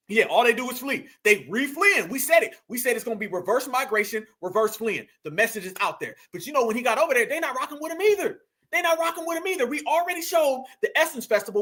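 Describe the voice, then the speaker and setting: A man with a very high, bright voice delivers animated commentary. He is emphatic and preachy, hammering each point home with repetition and rising to near-shouts. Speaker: commentary channel host.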